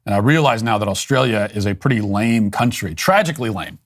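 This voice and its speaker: A man from the United States hosting a commentary show, speaking in a sardonic, mocking, deadpan way as he reads out a news article and responds to it. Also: on the low side, fairly quick. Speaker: political commentator host. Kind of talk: scripted monologue with reading aloud.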